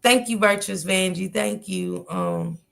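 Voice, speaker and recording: A woman's voice: mid-range voice, huge pitch swings, unhurried, gravelly, a bit bright. A woman hosting a casual livestream, chatting and greeting viewers by name in a slangy, chatty manner. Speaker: livestream host.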